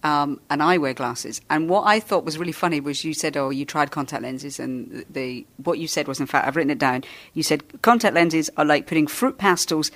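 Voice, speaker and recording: A woman's voice: deep voice, a bit bright. A woman hosting a podcast interview in a chatty, enthusiastic way. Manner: chatty, enthusiastic, quick to laugh. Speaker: podcast host. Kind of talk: casual interview.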